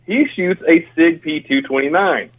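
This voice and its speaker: A man calls into a talk radio show and tells a story in a chatty way, laughing easily as he goes. His voice sits high for a man. It comes through the tinny, narrow sound of a phone line. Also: normal speed.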